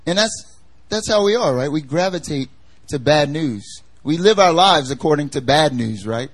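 A man's voice: fairly high pitch, lively intonation, normal speed. A young man preaching a casual sermon, chatty and jokey, full of fillers as he tells stories.

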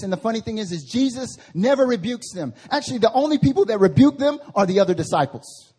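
A man preaching a sermon as pastor, lively, with playful voiced asides and big swings from loud to hushed. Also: very high voice, extremely slow, long pauses, breathy edge. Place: church service.

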